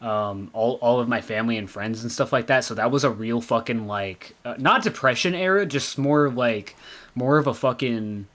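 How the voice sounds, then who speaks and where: A man hosting a casual podcast chat, voice sitting at an ordinary middle pitch. He rambles and swears freely, leaning on filler words between thoughts. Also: normal speed, a bit bright. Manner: rambling, profane, lots of "like" fillers. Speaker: guest host of a podcast episode.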